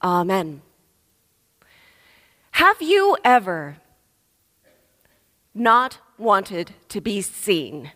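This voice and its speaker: A woman in her thirties preaching a sermon, telling a story in a lively way. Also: medium pitch, extremely slow, long pauses. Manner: lively storytelling, acts out voices. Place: church. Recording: long reverb of a large hall.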